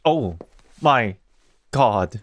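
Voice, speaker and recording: A man streaming a live game playthrough, excitable and quick to exclaim. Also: mid-range voice. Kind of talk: live gameplay reaction.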